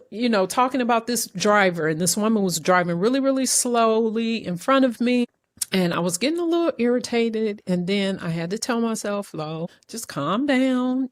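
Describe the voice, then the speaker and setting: Woman host, animated storyteller, rambling restarts, dry close sound. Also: mid-range voice, no echo. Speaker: podcast host. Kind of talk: casual interview chat.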